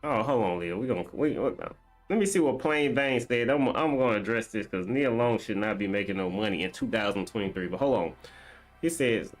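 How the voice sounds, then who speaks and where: A man's voice: fairly low pitch, lively intonation, brisk, faint music behind. A man streaming a game, chatting casually and reading viewer comments aloud as he banters with them. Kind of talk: casual live-stream chat.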